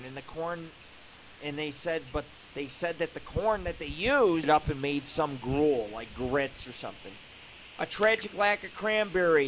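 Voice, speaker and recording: A man hosts a live internet radio show in a rambling, foul-mouthed comic rant. His voice sits a little high for a man. A faint hiss runs under the recording. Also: rough recording. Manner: profane, rambling, joking.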